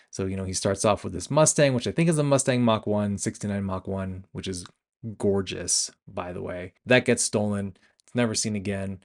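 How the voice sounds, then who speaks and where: A young man hosting a casual film review podcast, retelling scenes with laughs, restarts and self-corrections. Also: lowish voice. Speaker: podcast host. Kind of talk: casual movie review chat.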